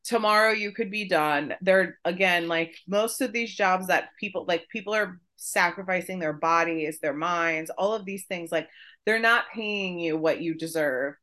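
A woman co-hosting a podcast, telling a story in casual chat, profane and animated. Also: fairly low pitch, normal speed. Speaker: podcast co-host.

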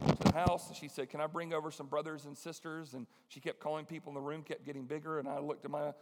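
Fast-talking high-voiced male preacher. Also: long reverb tail, slight background noise. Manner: animated storytelling, acts out voices. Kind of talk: sermon.

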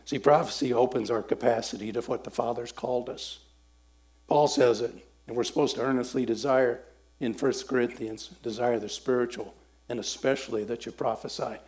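A man preaching a sermon and telling a story, acting out voices and swinging between loud and soft. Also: mid-range voice, fairly even intonation, moderate pace.

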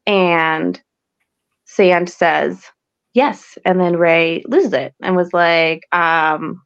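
A woman's voice: fairly low pitch, lively intonation, slow, vocal fry, dull audio. A woman hosting a podcast, recapping an episode in a chatty, rambling way full of fillers. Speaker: podcast host.

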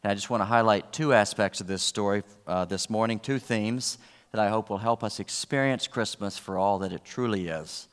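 A man's voice: fairly low pitch, moderate pace, clear, resonant tone, long reverb tail. A man preaching a sermon, earnest, with rising emphasis on key points and wry asides. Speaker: pastor.

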